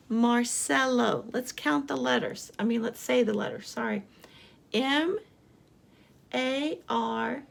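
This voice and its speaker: A woman's voice: high-pitched, creaky. A woman teacher giving a remote lesson to young children, patiently spelling out letters and prompting them with questions. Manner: slow, patient, sing-song prompting, spelling letters aloud.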